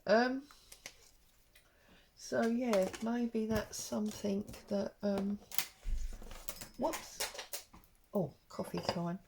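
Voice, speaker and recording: A woman speaks slowly in a mid-range voice with vocal fry while working on embroidery, and background noise can be heard. As a craft vlogger, she rambles chattily through the stitch-along with many ums.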